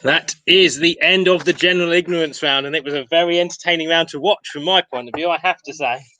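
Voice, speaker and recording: Chatty quiz host, bright voice. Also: male voice, on the high side, fast, no echo, low-quality recording. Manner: chatty, self-mocking asides between questions. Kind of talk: reading out pub quiz questions and answers.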